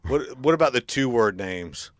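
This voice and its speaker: A man's voice: mid-range voice, lively intonation, moderate pace, no echo, clean studio sound. A man co-hosting a podcast in casual chat, joking along and laughing easily. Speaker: podcast co-host.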